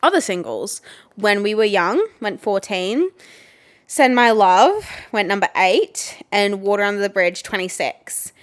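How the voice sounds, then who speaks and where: A woman co-hosting a podcast in casual chat, animated, swearing freely and laughing often. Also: mid-range voice, measured pace. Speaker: podcast co-host.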